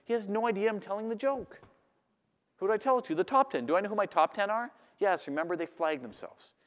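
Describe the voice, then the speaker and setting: A man giving a lively talk to a live audience, acting out the voices of the people he describes. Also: high-pitched, quick pace. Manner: animated, acts out audience voices. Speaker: public speaker. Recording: long hall reverb.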